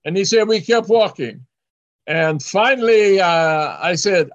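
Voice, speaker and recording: Guy preaching in short bits w/ pauses for a translator, high bright voice, gets loud acting out the hollering, kinda dull lo-fi sound. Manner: animated, acts out hollering voices. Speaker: preacher telling a story. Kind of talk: sermon storytelling with live interpreter.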